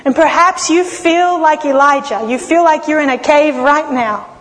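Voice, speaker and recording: A woman delivers a sermon in a high, clear voice, telling stories with feeling. She slows down and pauses for effect. Her words ring out with the long reverb of a large hall. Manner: expressive storytelling with dramatic pauses. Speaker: preacher.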